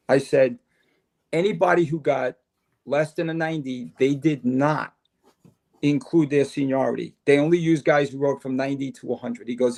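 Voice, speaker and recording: A man's voice: medium pitch, vocal fry. An older man, a podcast guest telling long stories and acting out the conversations in them. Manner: animated storyteller, acts out dialogue. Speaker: podcast guest, retired fire chief. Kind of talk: casual storytelling interview.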